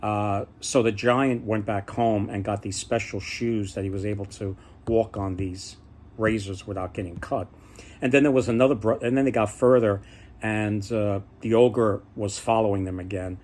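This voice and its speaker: A man's voice: fairly low pitch, fairly even intonation, normal speed, a little mellow, a little hiss or hum. A man casually retelling folk tales, rambling and often restarting his sentences. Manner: rambling, many fillers and restarts. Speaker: storyteller.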